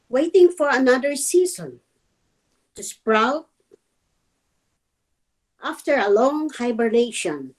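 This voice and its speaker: Woman poet, high voice, very slow emotional reading over a video call. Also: darkish tone, poor audio. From Dover, Delaware. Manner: slow, halting, emotional delivery. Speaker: poet at an open mic.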